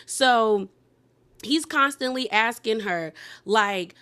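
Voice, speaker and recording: A woman casually recapping a reality TV episode, sassy and animated, laughing often and acting out quotes. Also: fairly high pitch, moderate pace. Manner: sassy, conversational, heavy use of "like".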